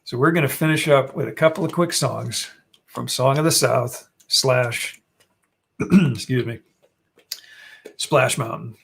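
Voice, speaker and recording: A man's voice: mid-range voice, a little slow, vocal fry, pauses often, fairly bright tone, a little hiss or hum. A man co-hosting a casual live stream, rambling and restarting sentences as he talks through what's on screen, his voice worn and fading. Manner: rambling, restarts sentences, narrates what he's doing on screen. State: losing his voice.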